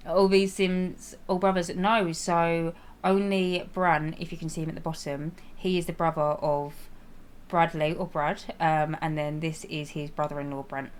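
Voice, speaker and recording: A woman's voice: low voice, flat delivery, measured pace, clear, resonant tone. Giggly, chatty woman streamer. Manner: chatty and giggly, often restarting and apologizing. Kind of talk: casual chat while playing a life-sim game.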